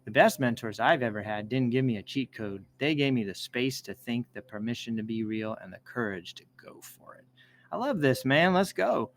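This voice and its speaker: Reading social media posts aloud on a casual show, this male host keeps wandering into enthusiastic personal asides, interrupting himself in meandering, rambling commentary. His mid-range voice is expressive and moves at normal speed, though the audio is poor.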